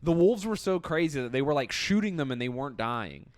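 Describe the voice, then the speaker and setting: A man's voice: fairly high pitch, sing-song, fairly quick, no echo. Crude, laughing podcast co-host man. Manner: crude, laughing, rambling storyteller. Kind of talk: casual comedic chat.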